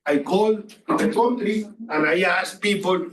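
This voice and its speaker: High-voiced male lecturer, distant and echoey. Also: a little slow, crowd noise. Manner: questions the students, repeats phrases. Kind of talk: classroom lecture. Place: classroom. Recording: echoey distant room recording.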